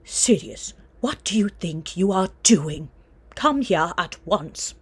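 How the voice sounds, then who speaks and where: A woman's voice: on the low side, lively intonation, slow, husky, exaggerated voice. A woman voicing a severe mother witch who scolds sharply, in an audiobook. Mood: stern. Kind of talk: audiobook character voice.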